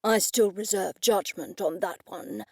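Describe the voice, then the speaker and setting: A woman's voice: mid-range voice, unhurried, darkish tone, husky, no echo, clean studio sound, voice pushed down. A woman voicing a pompous, sarcastic older male earl who talks in a haughty, stern way.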